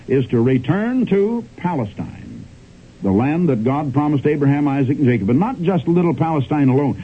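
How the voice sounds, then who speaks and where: A man's voice: mid-range voice, a little hiss or hum. A man preaching an old radio sermon in an emphatic, swooping cadence, often calling out to his friends. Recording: tinny old radio broadcast.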